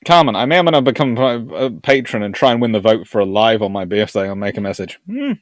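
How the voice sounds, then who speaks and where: A man from Surrey, England, with a southern English accent hosts a history live stream, chatting casually through viewer comments. His voice sits on the low side, and he talks fast and animatedly, rambling and chuckling as he goes. The recording is dry and studio quality.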